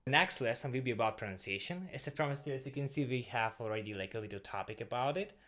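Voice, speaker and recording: A young Russian-accented man teaching an online language lesson. He talks at a middle pitch and walks his learners through each point one step at a time, like a patient teacher writing on a board. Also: lively intonation, fast, a bit bright.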